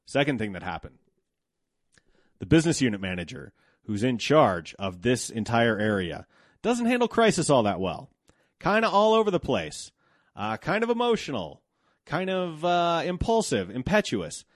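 A man's voice: mid-range voice, sing-song, normal speed, no echo, studio quality. A man in his thirties telling a candid personal story about work, blunt and profane, growing heated when indignant.

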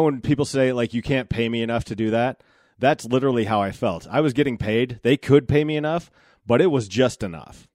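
A man in his forties holds forth on his own podcast, candid and reflective, and he swears freely. His voice sits at an ordinary middle pitch. The recording is close and dry, with no room sound. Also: no echo. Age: 40s. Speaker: podcast host. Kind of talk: solo podcast monologue.

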